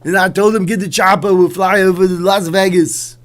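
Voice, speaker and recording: A man putting on a loud, bragging impression of a famous Austrian-accented bodybuilder governor, in broken English. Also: sits high, steady tone, a little fast, voice pushed up. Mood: boastful.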